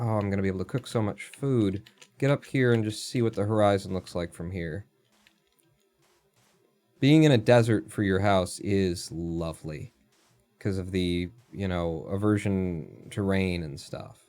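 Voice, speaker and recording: A man's voice: sits low, moderate pace, faint music behind. Chatty man thinking aloud while gaming. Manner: chatty, thinks aloud, counts aloud, talks to animals; excitable outbursts, casual swearing. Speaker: streamer. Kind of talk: live gameplay commentary.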